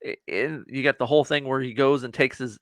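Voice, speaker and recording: Male co-host with an ordinary mid-range voice, easygoing and halting as he recounts scenes in a casual chat. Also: mid-range voice, steady tone, dry recording. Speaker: podcast co-host.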